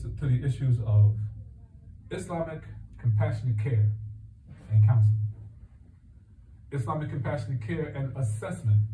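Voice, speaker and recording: A man's voice: mid-range voice, dark tone, a little hiss or hum. A man who works as a counselor gives a conversational religious talk. He tells stories and acts out the dialogue in them. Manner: storytelling, acts out dialogue in quotes. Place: mosque hall. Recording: echoey hall, far from mic, tinny phone-like sound.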